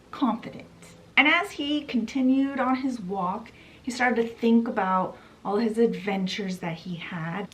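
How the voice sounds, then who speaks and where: A woman hosting a book channel, retelling a classic story in a chatty, casual way. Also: fairly high pitch. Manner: chatty, fills with "you know" and "he's like".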